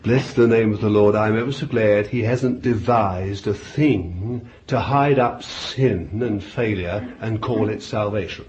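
A man preaching a fervent sermon, swinging from loud exclaiming to hushed whispers. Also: lowish voice, unhurried, hardly any pauses. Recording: dull lo-fi recording with faint hiss.

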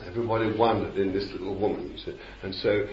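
A man preaches a rambling sermon, repeating himself and then breaking into sudden shouts. His voice sits low. The recording is old and dull, with a roomy echo and faint hiss. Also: fast talker.

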